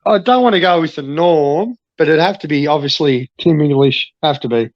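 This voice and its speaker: An Australian man rants as a podcast guest, swearing freely and mocking himself with fake boasts. His voice sits at a middling pitch. The audio is muffled and dry, with no room sound. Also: normal speed, no echo. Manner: swearing, ranting, mock-boastful. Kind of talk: ranting casual chat.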